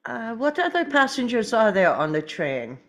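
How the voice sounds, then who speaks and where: A woman reading the part of a fastidious, courteous middle-aged male detective at a table read, speaking in a measured, precise way. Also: on the high side, big pitch swings.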